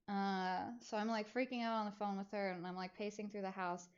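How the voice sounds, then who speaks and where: A woman streamer chatting casually as she tells a personal story, full of rambling fillers. Her voice sits in a middle pitch. The stream audio sounds a bit dull and muffled. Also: brisk, hardly any pauses. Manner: rambling, filler-heavy, animated retelling.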